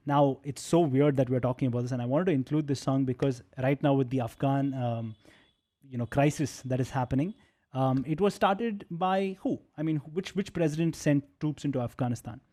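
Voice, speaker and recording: A man's voice: medium pitch, fairly quick, mellow. A man hosting a music session as a radio jockey, talking casually and explaining songs with rhetorical questions.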